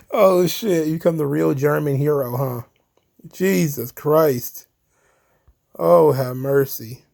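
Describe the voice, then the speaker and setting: A man's voice: on the high side, slow pace, gravelly, a little mellow. A man hosting a commentary channel, talking casually in a sarcastic, profane way and laughing at his own jokes.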